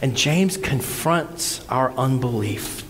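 A man's voice: medium pitch, lively intonation, takes it slowly, big-room sound, slight background noise. A man preaching a sermon as pastor, earnest and conversational, often repeating words as he talks.

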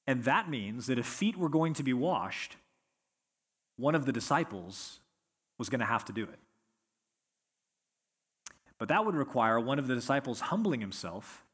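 Slowing to stress key words, a man preaches a sermon as pastor with earnest emphasis. His voice is mid-range and slightly rough.

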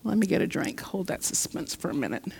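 A woman preaching a sermon in a church, telling a story in a lively, heartfelt way. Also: on the low side, fast talker, creaky. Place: church sanctuary. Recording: long church reverb.

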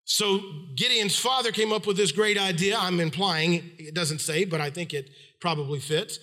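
A man's voice: fairly even intonation, normal speed, pushed and bright. A middle-aged man preaching a sermon, retelling a scripture story and acting out the voices of its people. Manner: storytelling, acts out quoted voices with pitch swings.

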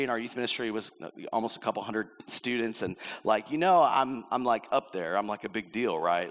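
A man's voice: mid-range voice, animated, normal speed, fairly bright tone. A middle-aged male pastor preaching a sermon in a conversational way, acting out quoted lines as he tells a story. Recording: long hall reverb.

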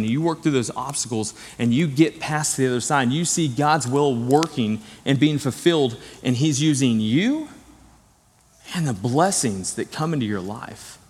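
A middle-aged pastor with a husky, medium-pitched voice preaches a conversational sermon to his church, earnest and direct, weaving personal stories throughout. The sanctuary gives the recording a long church-hall reverb.

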